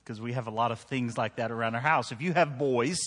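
Joking pastor in an echoing hall. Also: male voice, medium pitch, fast, fairly bright tone. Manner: conversational, joking, asks the crowd "right?". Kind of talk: sermon with personal stories. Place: church hall. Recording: long hall reverb.

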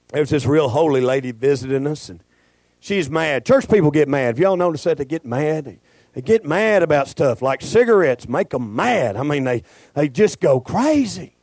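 A male pastor, preaching a folksy, joking sermon that swells into shouting. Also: on the high side, lively intonation, normal speed, no room sound.

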